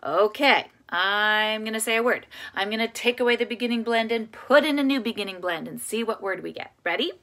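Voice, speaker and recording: A woman teaching a phonics lesson to young children, encouraging them and sounding out words slowly and clearly. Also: on the high side, fairly bright tone.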